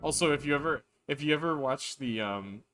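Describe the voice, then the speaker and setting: A man's voice: on the high side, lively intonation, fairly quick, fairly bright tone, faint music behind. A man chatting on a live stream while reading a game's dialogue, self-deprecating and reluctant to do character voices. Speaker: streamer reading a game aloud.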